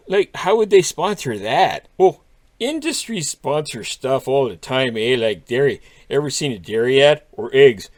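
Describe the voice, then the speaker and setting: A bickering beaver from a comedy puppet show, speaking with a broad Canadian accent. His voice swings widely up and down as he squabbles with a crewmate. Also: mid-range voice. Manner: bickering banter full of "eh". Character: dim Canadian beaver crew member, bickering.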